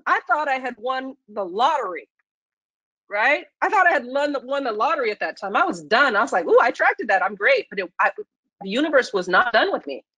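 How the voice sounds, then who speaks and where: Woman, animated storyteller, higher voice, dry close sound, video call. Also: no room sound, low-quality recording. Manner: animated, acts out her own and others' lines. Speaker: featured speaker.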